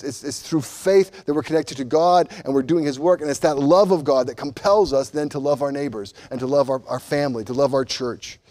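A pastor preaching a sermon, building to loud emphatic peaks and then dropping to a quiet, earnest tone, often repeating words as he goes. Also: medium pitch. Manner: impassioned, rising and falling emphasis, repeats words; addresses children directly at times.

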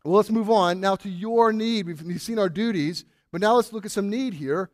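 A man's voice: high-pitched, moderate pace, no echo, studio quality. A man preaching a sermon as pastor, earnest and emphatic, stressing key words and putting questions to his congregation. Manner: asks the congregation rhetorical questions.

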